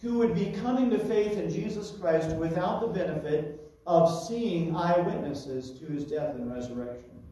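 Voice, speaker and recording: A man's voice: fairly high pitch, moderate pace, mellow, distant mic. Man preaching verse by verse, echoey room. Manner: teaching verse by verse with asides. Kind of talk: expository sermon.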